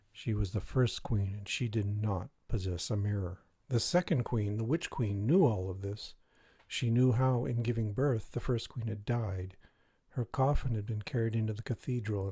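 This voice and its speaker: Low, dark-voiced man reading a story. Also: breathy edge, dry recording. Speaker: reader.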